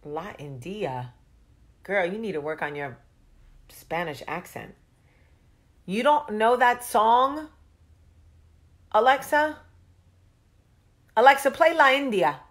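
A woman's voice: mid-range voice, lively intonation, slow, pauses often, a bit bright. A woman, chatting casually and profanely as a vlog host. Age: 40s. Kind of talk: casual chat.

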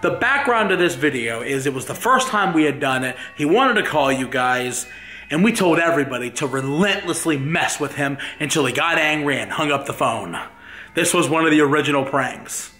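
A young man hosting the video, giving a relaxed, chatty introduction with some affection. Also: a little high, moderate pace, faint music behind. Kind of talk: casual introduction.

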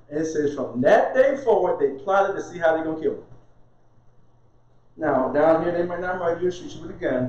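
A man's voice: fairly high pitch, darkish tone. A male minister giving an informal, conversational sermon. He laughs often and asks questions, then answers them himself. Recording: very echoey, dull muffled sound.

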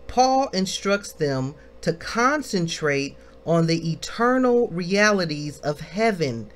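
Woman leading bible study, talks slow with lots of ups and downs, preachy questions and woos. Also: sits low, slight background noise. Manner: exhorting, asks questions and answers them, exclaims. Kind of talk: informal Bible study teaching.

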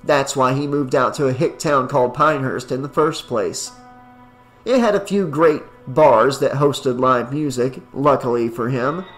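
A man giving a steady audiobook narration of a horror story. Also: mid-range voice, a little slow, faint music behind.

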